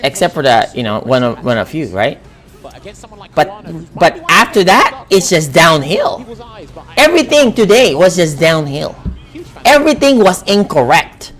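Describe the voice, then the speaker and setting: A young adult man streaming live, reacting to a fighting game match in casual chat, excitable and profane, repeating himself and yelling at the plays. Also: fairly high pitch, unhurried, soft background music.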